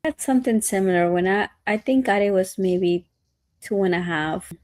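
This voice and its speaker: A woman's voice: medium pitch, moderate pace, darkish tone, no echo. A woman in her thirties co-hosting a podcast, telling earnest parenting stories in casual chat. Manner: earnest, storytelling, acts out quotes. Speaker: podcast co-host.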